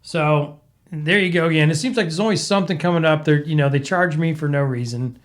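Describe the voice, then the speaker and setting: Still getting over being sick, a podcast host from the American Midwest chats on his own show, rambling and venting in a stuffed-up voice that cracks. He talks a little fast with a fairly high pitch.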